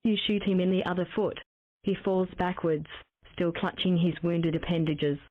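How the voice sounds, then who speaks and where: A synthetic woman's voice reads game text in an even, mechanical way, pitched a little low. The sound is tinny and phone-like, with a dry, close feel and no room around it. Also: moderate pace, no room sound. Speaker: text-to-speech game narrator.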